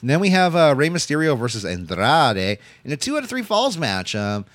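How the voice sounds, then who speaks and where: Animated man recapping wrestling. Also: a little high, normal speed, no echo. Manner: rambling, animated recap with frequent fillers and swearing. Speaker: podcast co-host. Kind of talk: casual wrestling recap chat.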